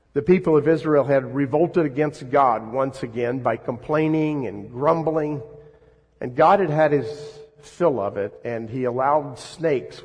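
A man preaching a sermon, swinging between loud emphatic lines and hushed ones. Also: a little high, husky. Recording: long reverb of a large hall.

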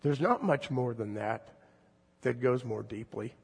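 A man in his fifties, a pastor giving an earnest, gentle sermon with slow, drawn-out emphasis and a husky voice. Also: mid-range voice, expressive, in a large hall.

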